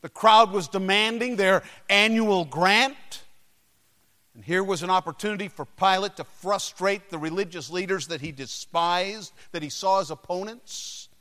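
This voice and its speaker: A man preaching a sermon, telling the story dramatically, swinging between loud cries and hushed passages. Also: a little slow. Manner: dramatic storytelling with sudden shouted crowd cries and hushed lows. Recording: long reverb of a large hall.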